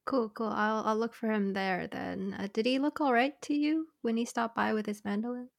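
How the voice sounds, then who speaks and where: A woman playing a tabletop game, low-key and dry, giving brief replies. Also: fairly even intonation, moderate pace, gravelly. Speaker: player.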